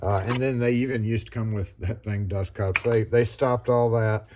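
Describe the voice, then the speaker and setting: A man's voice: fairly low pitch, fairly even intonation, moderate pace, background noise. A man talking as a locksmith in a casual product review vlog, rambling loosely with many fillers and restarts.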